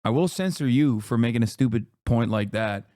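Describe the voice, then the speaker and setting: A man doing heated livestream political commentary, angry and profane, shouting down his critics. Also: mid-range voice, lively intonation, a little fast, no room sound, clean studio sound.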